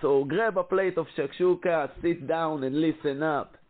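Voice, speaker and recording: A man voicing a show announcer in an exaggerated, heavy Israeli accent, slow and theatrical. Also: a little high, lightly acted. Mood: grandiose. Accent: heavy put-on Israeli. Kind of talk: show intro voice-over. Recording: tinny phone-like sound.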